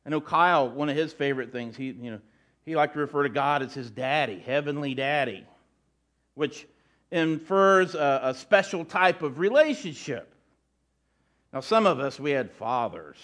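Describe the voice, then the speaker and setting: A man's voice: on the high side, animated, moderate pace, a bit bright. A middle-aged man preaching a sermon in a conversational way, often restarting and adding asides. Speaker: pastor.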